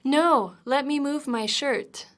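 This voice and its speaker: Woman for lesson dialogues: slightly high, clear, even reading. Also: takes it slowly. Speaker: dialogue reader for an English lesson.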